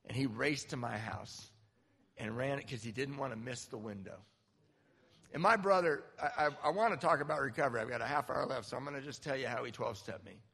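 Gravelly man telling his story in a hall. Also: medium pitch, fairly quick. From Southern California, US. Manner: animated, self-mocking, laughs often. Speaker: speaker at a recovery meeting. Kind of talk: personal storytelling talk. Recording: reverberant hall.

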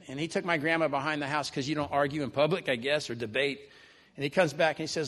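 Recorded in a large hall with a long reverb, a fast-talking man tells a live audience a personal story. His tone is steady and fairly bright, his pitch on the high side, and he chats conversationally, often ending with "right?".

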